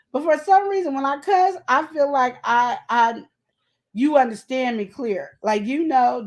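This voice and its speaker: High, animated middle-aged woman podcaster. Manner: animated, storytelling, colloquial. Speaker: podcast co-host. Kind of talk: casual advice chat.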